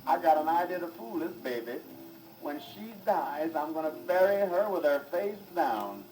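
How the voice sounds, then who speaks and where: A man's voice: on the high side, lively intonation, moderate pace, a little mellow. A man delivering a vaudeville comedy monologue, wisecracking and laughing at his own jokes, on an old phonograph record. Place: recording studio. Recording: scratchy 1920s phonograph record, distant and roomy.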